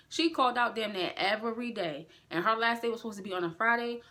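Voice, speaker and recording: Bright-voiced, animated woman venting. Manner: animated, profane, swings up in pitch when indignant. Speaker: vlogger. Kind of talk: storytime vlog, casual venting.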